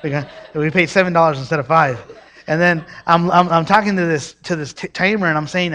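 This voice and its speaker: A young man from Mexico preaching a sermon, energetic and storytelling, with restarts and asides to the congregation. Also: fairly high pitch, fairly quick.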